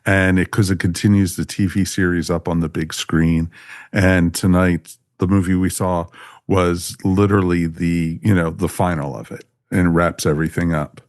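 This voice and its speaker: Chatty podcast host guy, deep voice, dry close sound. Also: level tone, moderate pace, dry recording. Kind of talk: casual chat and show outro.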